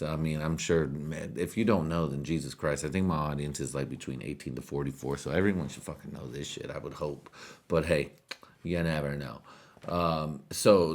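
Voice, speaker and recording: A man hosting a podcast while high on edibles, rambling through a crude comedic monologue with bursts of laughter. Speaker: podcast host.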